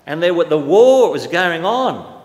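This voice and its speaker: A man preaching a sermon with great passion, swinging from loud declarations to hushed, quiet stretches. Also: a little high, sing-song, a little slow. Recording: echoey hall with long reverb.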